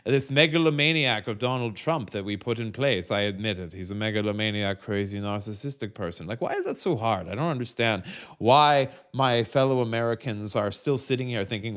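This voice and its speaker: Man, host, profane rant, halting, filler-heavy, fairly low voice. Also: a bit bright. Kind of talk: angry political monologue.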